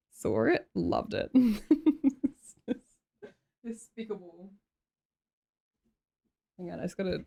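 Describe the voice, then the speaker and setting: A woman's voice: medium pitch, animated, slow pace, creaky, long pauses, dark tone. A young Australian woman live streamer chatting casually and giggling as she reads her chat aloud into a desk mic. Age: young adult.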